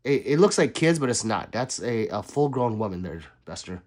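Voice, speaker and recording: A man hosting a livestream, chatting casually and reading out viewer comments, swinging between loud remarks and quiet asides. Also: mid-range voice, animated, moderate pace. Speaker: livestream host.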